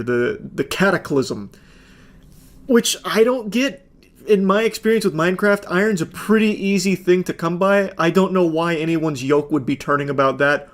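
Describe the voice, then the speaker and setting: Sarcastic man giving reaction commentary. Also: on the high side. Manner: sarcastic, swears casually. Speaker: commentary host.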